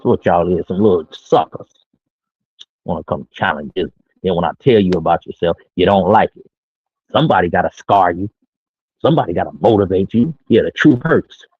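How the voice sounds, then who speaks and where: A man's voice: low voice, fairly quick, breathy edge, no room sound. Brash, slangy man on a tinny line. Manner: brash, boastful, slangy street talk. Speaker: streamer giving dating talk. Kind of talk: casual monologue to camera. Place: his own small studio room.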